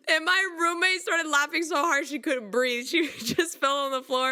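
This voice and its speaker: A young woman from the United States, a singer, telling a funny story in a casual vlog with animated, mock-dramatic delivery. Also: sits high, a little slow.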